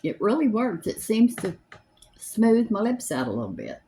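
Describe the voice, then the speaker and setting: A woman's voice: medium pitch, big pitch swings, normal speed, dark tone, slight background noise. A woman, chatting in a rambling, homespun way as she does her makeup at home. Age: 70s. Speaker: makeup vlogger. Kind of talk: casual chat while doing makeup. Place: home, seated in a chair.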